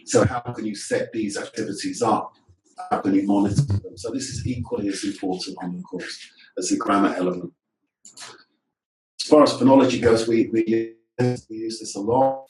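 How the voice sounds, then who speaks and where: A man's voice: fairly low pitch, normal speed, a little mellow, a little hiss or hum. A male teacher trainer giving a webinar presentation on a video call. He explains points and drills words aloud, often asking rhetorical questions. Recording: echoey room audio from a distance.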